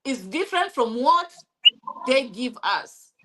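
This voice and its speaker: A young woman from Kenya with a Kenyan accent, telling her story in a casual interview, animated, with many restarts and bits of Swahili. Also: high voice, slow, noisy background. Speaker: interview guest.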